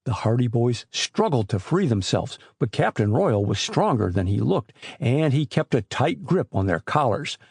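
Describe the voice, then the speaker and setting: A man's voice: mid-range voice, moderate pace, vocal fry, hardly any pauses, slightly rough, no echo, studio quality. A man narrating an adventure novel as an audiobook, telling it expressively. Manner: expressive storytelling.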